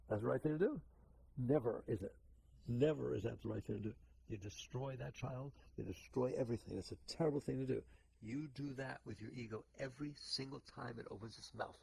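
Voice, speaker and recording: A man's voice: medium pitch, expressive, brisk, gravelly, dark tone, husky, dry recording. An older man giving a conversational spiritual talk, questioning his listeners and acting out inner voices. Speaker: spiritual teacher.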